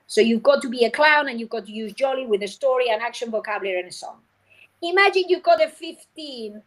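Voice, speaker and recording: A woman phonics teacher trainer, a guest on a show, explaining her methods in a lively way and acting out classroom scenes. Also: high-pitched, low-quality recording. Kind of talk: animated teaching talk.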